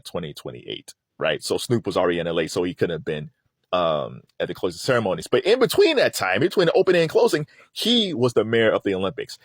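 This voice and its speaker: A middle-aged man hosting a casual pop-culture commentary, animated and rambling, laughing often. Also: mid-range voice, no echo, studio quality. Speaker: host.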